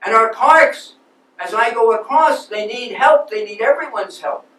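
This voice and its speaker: A man portraying a restless, passionate nineteenth-century landscape architect who recounts his life in an earnest, swelling manner. The voice sits high for a man and rings out in an echoey hall, picked up from a distance. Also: animated, measured pace, bright, forceful tone, heavily acted. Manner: emotional, earnest storytelling with sudden outbursts. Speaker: historical reenactor. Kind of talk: first-person living-history monologue. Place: lecture hall.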